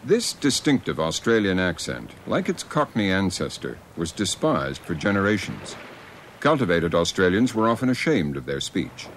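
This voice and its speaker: A man narrating a documentary in a measured, expressive scripted delivery. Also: lowish voice, slight background noise.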